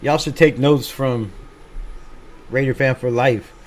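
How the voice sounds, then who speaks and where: Speaking slowly in a steady, mid-range voice, a man hosts a fan channel livestream. He chats in a relaxed way and reads out viewer comments, swearing and joking at his own expense.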